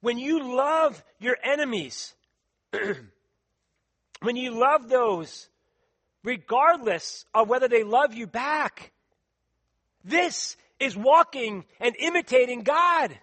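A man delivering a sermon in a church, his voice sitting quite high for a man. He reads scripture and presses his points earnestly, drawing out the words that matter. A tickle in his throat keeps him clearing it and coughing. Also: lively intonation, slow pace, long pauses, pushed and bright. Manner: earnest, emphatic, stretches out key words. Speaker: preacher.

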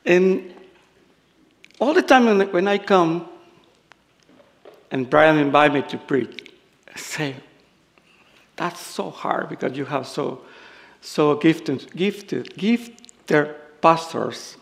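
An older Salvadoran man preaches in slow, halting English with a strong Spanish accent. His voice is deeply gravelly and a touch high for a man, and he keeps slipping into self-deprecating humor and laughter. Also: lively intonation. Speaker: guest preacher. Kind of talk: sermon.

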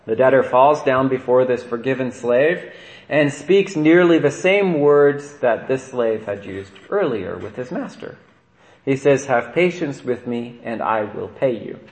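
Priest preaching in an echoey church. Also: male voice, mid-range voice, animated, measured pace. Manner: conversational preaching with frequent "right?" asides. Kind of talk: sermon.

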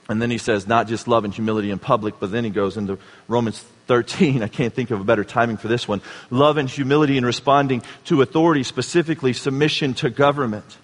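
A man preaching a sermon, dropping to a hushed tone and then building to emphatic, raised passages. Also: medium pitch, husky. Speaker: pastor. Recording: reverberant hall.

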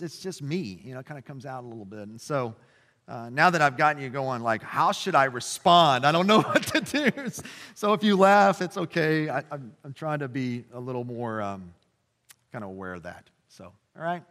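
A pastor in his forties preaches a sermon in a church sanctuary, passionate and conversational, with frequent fillers and restarts. His voice is fairly high and fairly bright, carried by the long reverb of the church hall.

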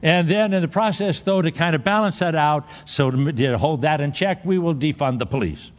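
Chatty male preacher, somewhat high voice. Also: normal speed, in a large hall. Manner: humorous, laughs often, many restarts. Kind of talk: conversational sermon.

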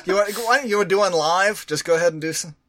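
A man's voice: high voice, fast talker, a bit bright, slight background noise. A man hosting a casual podcast chat, teasing his co-host, laughing often and running the segments.

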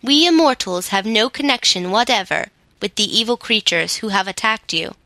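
A woman voicing a grave, calm immortal male master of the forests who speaks sternly. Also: medium pitch, moderate pace, no echo, rough recording.

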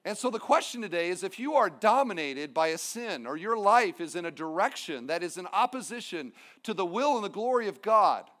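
A man's voice: high-pitched, fairly bright tone. A male pastor preaching a sermon, emphatic, with humorous asides.

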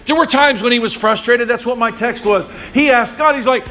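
High, bright-voiced male pastor preaching. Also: a little fast, few pauses, poor audio. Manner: animated storytelling, acting out voices of people in the story; speaks directly to congregation members by name. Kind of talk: sermon.

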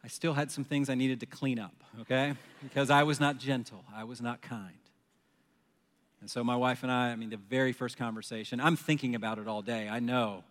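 A man in his forties preaching a sermon, telling a personal story in an animated way and acting out his own panicked phone call. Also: medium pitch, fairly quick. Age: 40s. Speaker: pastor. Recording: long hall reverb.

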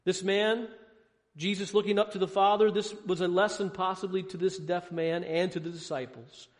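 A man preaching a sermon, asking rhetorical questions and swinging between loud emphasis and hushed, low passages. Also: fairly even intonation, moderate pace. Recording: long hall reverb.

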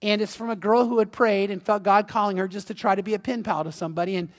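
A male pastor preaching in an animated, conversational way, often restarting his sentences. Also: high-pitched, fast talker. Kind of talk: sermon. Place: church sanctuary. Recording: long hall reverb.

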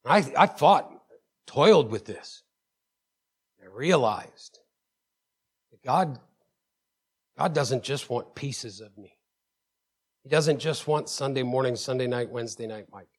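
A male pastor preaching in a middle-pitched voice and telling stories from his own life. He leans hard on key words, calls out to the congregation for agreement and stumbles over repeated words as he builds momentum. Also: expressive, slow, pauses often, breathy edge. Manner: emphatic, with call-outs to the congregation; storytelling, stammers and repeats words. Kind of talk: sermon.

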